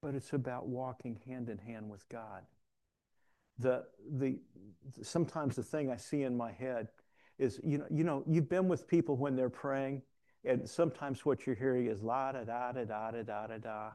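Middle-aged male pastor, gravelly and warm, chatty self-deprecating sermon delivery with restarts. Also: medium pitch, moderate pace. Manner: conversational, self-deprecating storytelling with frequent restarts.

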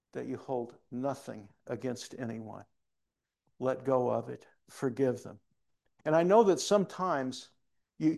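A man's voice: medium pitch, creaky, a little mellow. A male pastor preaching a sermon in a church, telling a story earnestly with frequent restarts.

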